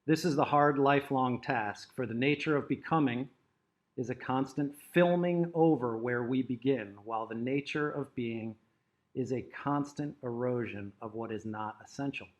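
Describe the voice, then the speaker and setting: Soft-spoken man reading aloud slowly. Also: medium pitch. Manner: soft-spoken, laughs easily, slow measured reading. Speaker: co-host. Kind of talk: casual chat and reading aloud.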